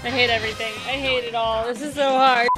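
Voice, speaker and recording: A woman's voice: a little high, fairly even intonation, quick pace, over music. A young woman streaming a retro game, laughing and groaning in frustration as she plays. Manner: laughing, exasperated, swearing in frustration. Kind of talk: casual gaming stream chat.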